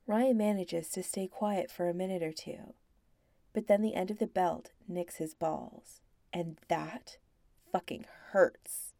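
A woman narrating a scripted story in a slow, hushed, intimate voice that slips into whispers. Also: lowish voice, gravelly, no echo.

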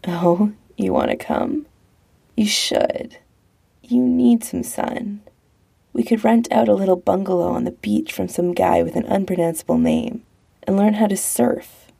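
A woman voicing a sleepy, playful young man who longs for somewhere warm, speaking softly. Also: medium pitch, sing-song, measured pace, gravelly, husky, exaggerated voice. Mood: drowsy hopeful. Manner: drowsy, playful, soft. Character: sleepy, teasing young man wanting warmth.

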